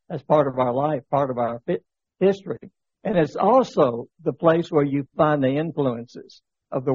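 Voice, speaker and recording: Here the Bible study teacher has a fairly high voice with a breathy edge, recorded without echo but with the highs cut off. He tells a story in a church classroom, speaking conversationally and leaning on fillers and rhetorical questions.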